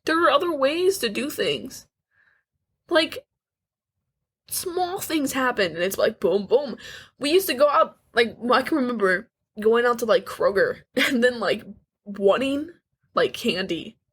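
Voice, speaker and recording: An eighteen-year-old woman co-hosting a candid podcast, talking earnestly and haltingly, with frequent restarts and nervous little laughs. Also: fairly high pitch, animated, slightly rough. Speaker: podcast co-host.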